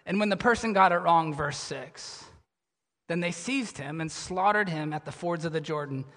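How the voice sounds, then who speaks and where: A male pastor preaching a sermon, telling stories with animation and sinking into a low, somber tone. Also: moderate pace, pushed and bright, long reverb tail.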